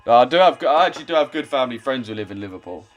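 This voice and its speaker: A young man talks very fast and expressively in a medium-pitched voice on a trading live stream, swearing and ribbing viewers while reading and bantering with chat. The audio sounds dull, and soft background music plays.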